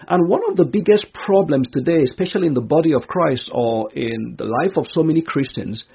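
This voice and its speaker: A man's voice: a little high, breathy edge, highs cut off. A man preaching a sermon in an earnest, emphatic way, repeating his key phrases.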